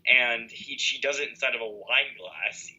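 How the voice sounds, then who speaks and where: A young man chats loosely on a podcast over a video call, rambling through fillers and restarts. His voice is very bright and a little husky, and the call audio sounds dull and lo-fi. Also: medium pitch, moderate pace. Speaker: podcast co-host. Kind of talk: casual chat.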